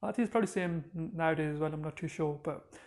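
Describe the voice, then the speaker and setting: A man's voice: on the high side, fast, darkish tone. A man teaching a grammar lesson, explaining patiently step by step and repeating each example. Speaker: Arabic teacher.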